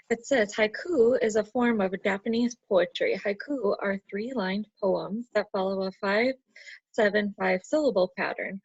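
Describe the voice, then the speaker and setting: Slow, gravelly-voiced woman teacher, patient. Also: mid-range voice, no echo. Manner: patient, step-by-step explaining, counting syllables aloud. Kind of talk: recorded online class lesson. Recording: dull lo-fi computer audio.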